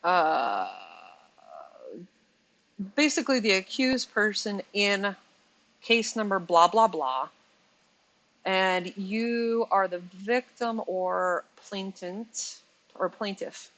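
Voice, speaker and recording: A woman in her forties talks straight to her viewers in a loose, chatty commentary, with an edge of exasperation. She laughs easily, restarts her words and corrects herself as she goes. Her pitch sits in a middle range for a woman. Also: expressive, slow, long pauses, a bit bright, low-quality recording. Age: 40s. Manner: chatty and exasperated, stumbling over pronunciations; laughs often, self-correcting. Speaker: commentary channel host. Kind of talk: casual commentary vlog.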